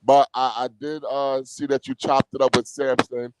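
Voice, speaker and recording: A man calling in to a boxing chat, talking in a relaxed way and laughing easily. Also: mid-range voice, moderate pace, background noise. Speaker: guest caller. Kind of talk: casual chat.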